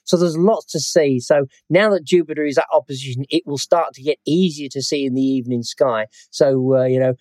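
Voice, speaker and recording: A man's voice: medium pitch, a little fast, few pauses, a little mellow, no room sound. A middle-aged man chatting about the night sky as a podcast co-host, rambling and tossing in "sort of thing". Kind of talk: casual chat.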